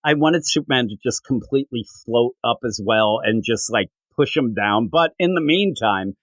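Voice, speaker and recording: A man co-hosting a podcast, excitedly recapping a comic book scene in casual chat. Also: mid-range voice, moderate pace, dry recording, rough recording. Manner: excited, animated recapping with quoted lines. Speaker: podcast co-host.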